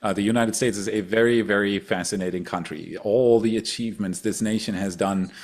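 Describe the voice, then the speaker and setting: A man from Germany's Rhineland, a native German speaker with a German accent, hosting a livestream in casual chat. He talks fast and excitedly, often repeating words. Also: lowish voice. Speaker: livestream host.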